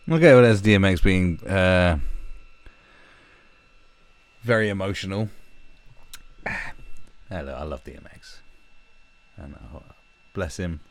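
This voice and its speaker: A man's voice: deep voice, lively intonation, slow pace, pauses often, dry recording. A man hosting a livestream, ranting bluntly and mockingly, with plenty of swearing. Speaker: livestream commentary host. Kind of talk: casual ranting commentary.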